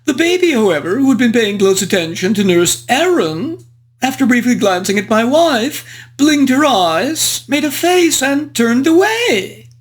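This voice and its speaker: In the guise of a foppish, frivolous English gentleman of the aristocracy, a performer narrates a book review in ornate, antiquated, genteel phrasing. The delivery is very animated yet unhurried, at medium pitch.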